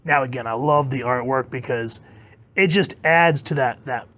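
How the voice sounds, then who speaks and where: A man's voice: mid-range voice, normal speed, bright, forceful tone. A man chatting casually and enthusiastically as a comic book reviewer, reading quotes aloud.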